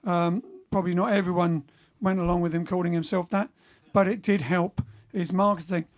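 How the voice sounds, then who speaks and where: With a high voice, level tone and moderate pace, a man chats casually on a livestream for his band from his home during lockdown. He reads out what viewers write and rambles, often using fillers and starting over.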